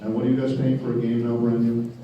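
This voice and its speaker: A man's voice: medium pitch, monotone, fast talker, muffled recording. A man speaking as a voice actor on a panel, telling candid and wry stories and answering questions. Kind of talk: panel Q&A storytelling. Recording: echoey hall, voice from far off.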